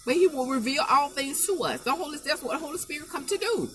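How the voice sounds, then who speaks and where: A woman's voice: high-pitched, lively intonation, fast talker, a bit bright. A woman preaching an informal spoken sermon, emphatic and folksy, repeating her phrases to drive the point home.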